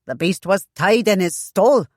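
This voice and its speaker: A woman's voice: mid-range voice, animated, unhurried, no echo, studio quality. A woman voicing an elderly, portly father who wheezes and puffs as he blusters. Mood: indignant. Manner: wheezing, puffing.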